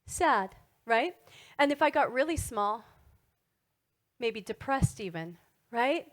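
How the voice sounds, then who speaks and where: A middle-aged woman giving a motivational wellness talk to an audience, animated and asking frequent tag questions. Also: fairly high pitch, a little slow. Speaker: wellness speaker.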